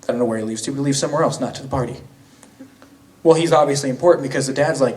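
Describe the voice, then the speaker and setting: A man's voice: mid-range voice, fast talker, darkish tone. A young man preaching a sermon in a casual, slangy way, retelling a story with frequent restarts in a church. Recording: voice from a distance.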